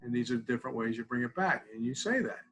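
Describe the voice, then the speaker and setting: Man leading a relaxed coping-skills webinar. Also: medium pitch, fast, husky, rough recording. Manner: conversational, tags lines with "okay?"; guides tapping and mindfulness exercises. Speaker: student support clinician. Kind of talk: live counseling webinar.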